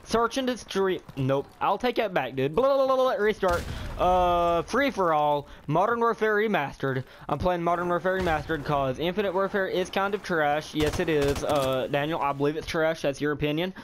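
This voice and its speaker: An excitable young man talks through his match in a loose, rambling way, repeating exclamations when things heat up. His voice sits a little high, and faint game gunfire runs beneath it. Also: moderate pace, a little hiss or hum. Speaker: gaming YouTuber. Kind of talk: live gameplay commentary. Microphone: headset or desk mic.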